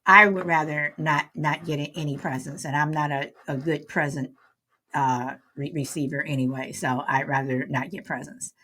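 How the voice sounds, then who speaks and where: A woman hosting a casual live show, talking haltingly with many fillers and repeated words. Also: low-pitched, fairly even intonation, sharp tone. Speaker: host. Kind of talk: casual live-stream chat, reading viewer comments.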